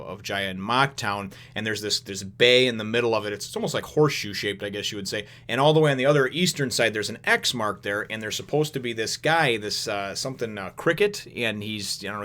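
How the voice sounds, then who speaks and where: A man hosting a manga chapter review, rambling casually with lots of fillers. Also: a bit bright. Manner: rambling, filler-heavy, acts out characters in high voices. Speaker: host of a manga review show.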